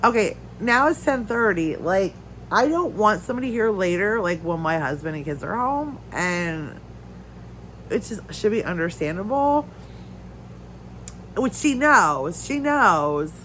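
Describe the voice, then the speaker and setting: A woman's voice: mid-range voice, lively intonation, unhurried, fairly bright tone, slight background noise, poor audio. A woman chatting casually at home, going off on a rambling rant, stuffy-nosed and coughing. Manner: rambling, ranting storyteller. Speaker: crafting channel host. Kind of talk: casual chat while crafting. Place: her home.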